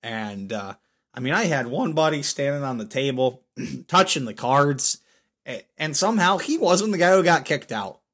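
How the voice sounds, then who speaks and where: A man hosting a casual solo podcast, hoarse from screaming, telling stories with lots of laughter. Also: a little high, moderate pace. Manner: animated storyteller, laughs often. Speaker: podcast host.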